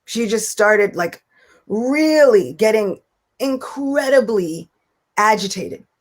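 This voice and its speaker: A young woman guest in casual spiritual talk, telling a family story with lively acted-out voices. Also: medium pitch, slow pace. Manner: animated storyteller, acts out quoted voices. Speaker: guest speaker.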